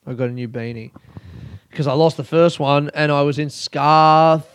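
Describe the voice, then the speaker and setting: A man's voice: on the high side, steady tone, normal speed, clear, resonant tone, no echo, clean studio sound. A young man, a comedian rambling through a casual solo podcast, swearing and ranting in mock anger. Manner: rambling, sweary, mock-angry with bursts of laughter.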